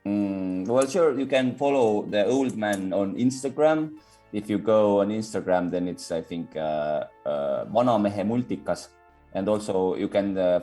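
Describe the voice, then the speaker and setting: Shy, low-voiced man. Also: dark tone. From Estonia. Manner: modest, hesitant, with many fillers. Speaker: animation director guest. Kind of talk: casual interview chat.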